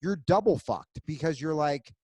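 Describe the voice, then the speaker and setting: A man hosting a podcast, telling stories in a casual, profane, animated way. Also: a little high, normal speed, breathy edge, no echo. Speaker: podcast host.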